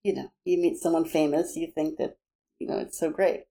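A woman's voice: deep voice, fairly even intonation, fairly quick, warm tone, slight background noise. A woman with a Kentucky accent, a guest in a casual podcast chat, easygoing and matter-of-fact, laughing readily. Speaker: guest, actress.

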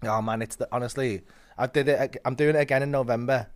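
Fast-talking man, rambling. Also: mid-range voice, fairly even intonation. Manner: rapid, rambling, swears freely. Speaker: comedian. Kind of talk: casual chat.

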